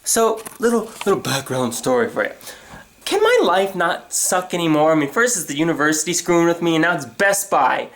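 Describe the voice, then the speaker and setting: A man's voice: on the high side, brisk. A young man venting sarcastically to his new camera in a comedic rant, recorded on the camera's own mic. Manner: animated, sarcastic, mimics others in silly voices. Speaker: vlogger. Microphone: built-in camera mic.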